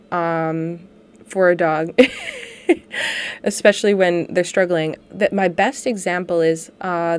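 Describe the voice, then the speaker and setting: A woman dog agility trainer giving a chatty, self-deprecating voiceover on her training footage, laughing often as she talks from home. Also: fairly low pitch.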